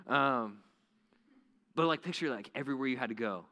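Male youth pastor, casual animated delivery, reverberant hall sound. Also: medium pitch, a little fast. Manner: conversational, animated, many "like" fillers. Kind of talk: youth sermon.

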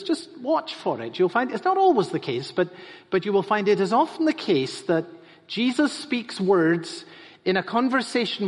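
Male pastor, sermon, emphatic repetition, lively swinging pitch, echoing church hall. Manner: emphatic, repeating phrases for stress. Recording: reverberant hall.

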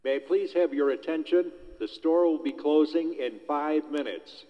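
A man putting on the voice of a formal store public-address announcer, speaking in a measured tone. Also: a little high, natural voice. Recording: long echo, dull muffled sound.

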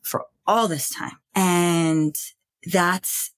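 A woman's voice: fairly low pitch, steady tone, drawn-out words, clear, resonant tone. A woman in her forties co-hosting a podcast, talking in a reflective, thoughtful way. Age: 40s. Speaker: podcast co-host. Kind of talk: casual conversation.

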